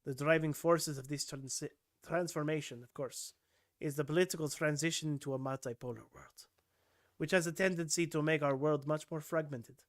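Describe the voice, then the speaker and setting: A man's voice: on the high side, steady tone, normal speed, no echo, studio quality. A man cohosting a podcast, reading out news steadily and chatting casually.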